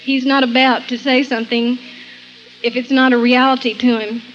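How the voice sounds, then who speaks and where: A woman's voice: sits high, little pitch movement, normal speed, fairly bright tone, lo-fi sound. A woman giving an earnest personal Christian testimony, often laughing between sentences and quoting scripture.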